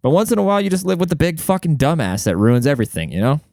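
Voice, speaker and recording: A young man telling a long story to his viewers in a casual, profane, animated way, talking to them like a buddy. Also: a little high, rapid-fire, gravelly, no echo, studio quality. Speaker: vlogger.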